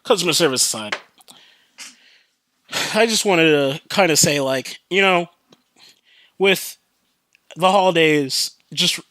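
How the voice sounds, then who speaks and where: A man's voice: on the high side, animated, slow, long pauses, bright, forceful tone, dry recording. Young man, podcast host, casual rambling monologue, swears freely, dry close sound. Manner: loose, profane storytelling with many fillers; turns earnest and subdued on serious topics.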